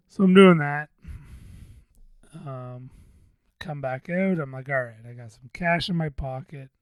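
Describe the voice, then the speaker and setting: A man's voice: fairly high pitch, darkish tone, no echo. A man hosting a podcast, telling a story in a rambling, profane, self-deprecating way. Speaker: podcast host. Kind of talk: casual venting monologue.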